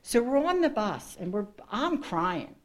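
A woman's voice: mid-range voice, sing-song, a little slow. A woman missionary speaks to a congregation in her own words. She tells her testimony in an earnest, rambling way. She often breaks off and restarts sentences, and laughs at herself now and then. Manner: rambling, with frequent restarts and asides.

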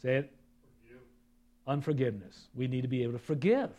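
A man preaching a sermon, reading scripture aloud and breaking off for asides to the congregation, swinging from loud, emphatic reading to low, quiet remarks. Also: quick pace. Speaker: pastor.

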